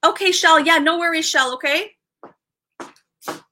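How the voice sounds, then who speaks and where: A young woman hosting a casual live stream, excited and rambling, stumbling over restarts and fillers as she chats with viewers. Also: very high-pitched, slow pace, a little hiss or hum. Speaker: livestream host.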